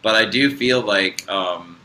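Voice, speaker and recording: A man's voice: on the low side, slow pace, bright, forceful tone, a little hiss or hum, rough recording. A man co-hosting a spiritual podcast, talking in a rambling, hesitant way with many fillers and restarts. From United States. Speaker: podcast co-host. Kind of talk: casual spiritual podcast chat.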